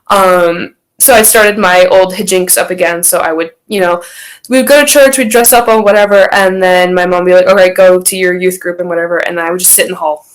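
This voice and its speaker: A woman's voice: fairly low pitch, steady tone, a little fast, poor audio. A young woman chatting as a podcast guest, telling a personal story in a rambling way, full of fillers and restarts. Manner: rambling, filler-heavy, acts out quotes. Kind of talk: casual storytelling chat.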